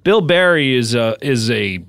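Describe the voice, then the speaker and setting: A man co-hosting a comedy podcast in casual chat, animated and rambling, quick to break into laughter. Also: medium pitch, no room sound. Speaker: podcast co-host.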